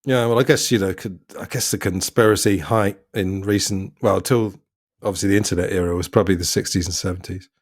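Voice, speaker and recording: A man's voice: low voice, fairly even intonation, fairly quick, no room sound, studio quality. A man hosting a podcast, casually talking through a film in a musing, slightly hesitant way. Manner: leads the talk, musing and a bit hesitant. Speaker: podcast host.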